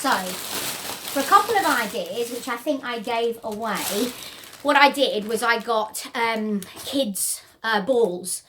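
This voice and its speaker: A middle-aged woman hosts a homemade craft tutorial, her voice sitting a little high. She chats in a bubbly, rambling way, dotted with ums and asides, and a faint hiss sits under her. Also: expressive, slow pace. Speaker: host of a home crafts channel. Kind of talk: chatty DIY tutorial.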